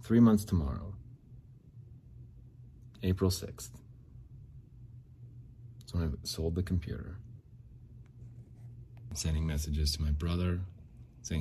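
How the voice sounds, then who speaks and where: Casting: very deep, mellow-voiced man, rambling podcast monologue, faint hiss behind. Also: slow pace, long pauses. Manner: rambling, repeats himself, frequent likes and restarts. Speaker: podcast host. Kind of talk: casual monologue.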